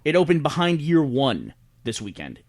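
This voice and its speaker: A man co-hosting a podcast, chatting casually and telling animated stories about movies and box office numbers. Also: a little high, normal speed. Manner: animated storyteller, breaks down numbers. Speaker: podcast host. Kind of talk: casual chat.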